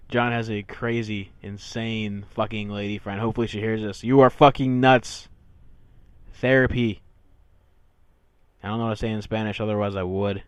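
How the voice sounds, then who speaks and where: A man's voice: fairly low pitch, level tone, moderate pace, smooth, no room sound. A man co-hosting a casual podcast, telling stories in a crude, profane, ranting way. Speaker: podcast co-host.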